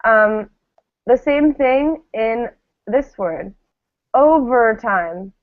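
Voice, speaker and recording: Slow, patient woman teaching. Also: on the high side. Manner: slow, patient, models words for repetition. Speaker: English pronunciation teacher. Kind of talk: classroom pronunciation drill. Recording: tinny phone-like lo-fi sound.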